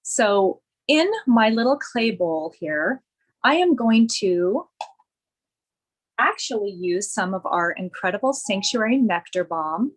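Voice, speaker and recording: A woman esthetician giving a slow, gushing skincare demonstration at home. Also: medium pitch, expressive, low-quality recording.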